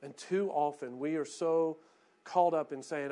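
High-voiced pastor preaching a sermon. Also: male voice, measured pace. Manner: preaching, moving from hushed reflection to rising emphatic calls.

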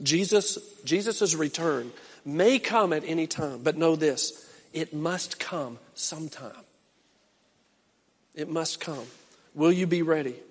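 Middle-aged pastor guy, pretty high voice, preaching loud then dropping low, big reverby church. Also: takes it slowly, breathy edge. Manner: swings from loud impassioned calls to low quiet urging. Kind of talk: sermon.

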